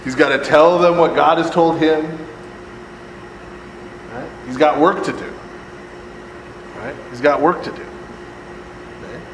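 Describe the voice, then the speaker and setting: A man's voice: fairly high pitch, steady tone, unhurried, long pauses. A man leading a casual Bible study lecture for a live group, joking and acting out voices, and asking "right?" again and again. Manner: conversational, keeps asking "right?", jokes and acts out voices. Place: church hall or classroom with a live group. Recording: echoey hall with faint air-conditioning hum.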